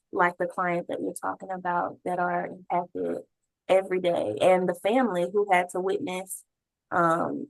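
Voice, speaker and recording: A woman hosting an interview, asking thoughtful questions in a relaxed, conversational way with frequent fillers. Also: on the low side, no echo, poor audio. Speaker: podcast host.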